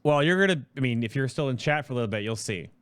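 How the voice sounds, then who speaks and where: A man hosting his stream, talking casually and quickly about a project, rambling through explanations. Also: mid-range voice, animated, a bit bright, clean tone. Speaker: host.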